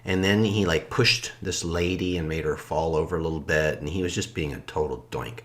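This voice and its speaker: A man co-hosting a podcast, calmly and reflectively telling a story in casual conversation, often trailing off soft and low. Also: a little fast. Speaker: podcast co-host.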